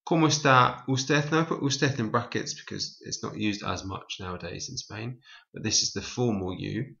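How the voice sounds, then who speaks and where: A low, gravelly man with a bright edge teaches a Spanish lesson from slides. He explains step by step and stops to fix his own slips. The recording is dull and lo-fi. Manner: explains step by step, pauses to correct himself. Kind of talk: slide-based language lesson.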